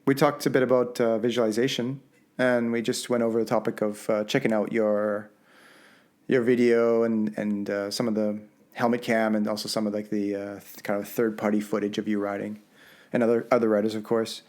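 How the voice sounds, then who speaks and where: A man's voice: on the low side, level tone, a little fast, a little mellow. A man with a Canadian accent hosting a podcast interview, asking rambling, joking questions. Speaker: podcast host. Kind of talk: casual interview chat.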